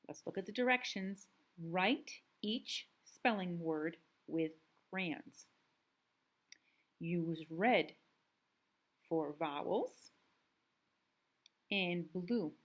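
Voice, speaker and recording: A woman teaching first graders in a remote reading lesson, slow and sing-song, drawing out words. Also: medium pitch. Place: home room, recording a video lesson.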